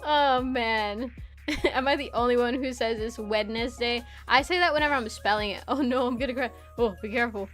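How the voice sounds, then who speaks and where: High-voiced giggly young woman streamer. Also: normal speed, a bit bright, faint music behind. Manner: chatty, giggly, swears casually. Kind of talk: casual livestream chat.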